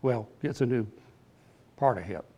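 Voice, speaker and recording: An older man teaching an informal Bible class in an earnest, plainspoken, halting way. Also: medium pitch, mellow, lo-fi sound.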